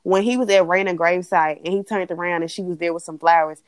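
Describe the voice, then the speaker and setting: A young woman co-hosting a casual chat, blunt and animated, swearing freely as she rants. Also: lowish voice, fast talker, no echo. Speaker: podcast co-host.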